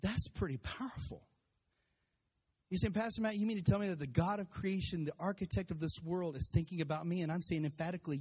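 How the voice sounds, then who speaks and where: Recorded in a church sanctuary full of congregants and long hall reverb, a pastor in his forties preaches emphatically, returning to refrains and laughing now and then. He speaks briskly in a high voice with a darkish tone and a breathy edge.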